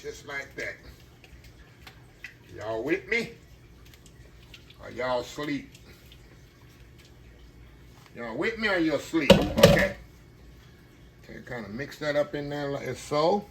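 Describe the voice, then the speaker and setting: A man's voice: medium pitch, unhurried, pauses often, background noise. A man giving a casual cooking demonstration, chatting to his viewers and calling them y'all. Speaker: home cook hosting a cooking channel.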